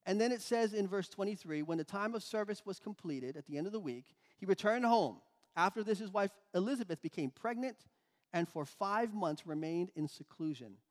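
A man with a notably high voice preaching a sermon. He explains scripture with emphasis, stopping to restart his phrases. A long hall reverb trails behind his words. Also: lively intonation, moderate pace.

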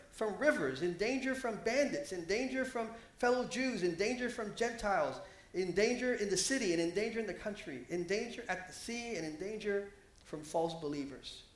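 A man preaching a sermon, animated, his voice rising and getting louder when he quotes scripture. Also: high voice, normal speed, reverberant.

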